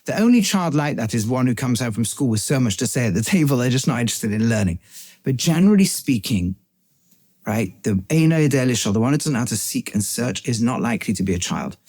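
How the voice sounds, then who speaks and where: A man, a rabbi, giving an animated explanatory lecture, asking many rhetorical questions and translating Hebrew and Aramaic phrases as he goes. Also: mid-range voice, quick pace, dry recording. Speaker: rabbi teaching a series.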